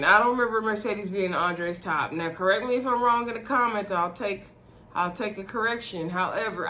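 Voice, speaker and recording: This woman's medium-pitched voice sounds pushed and bright as she recaps a reality show episode. She addresses viewers directly in a sassy, chatty style, with laughter between her comments.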